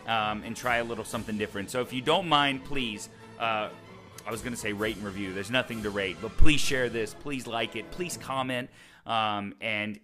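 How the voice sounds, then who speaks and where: A man's voice: lowish voice, sharp tone. A man hosting a casual web show, upbeat and chatty with loose fillers. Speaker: show host.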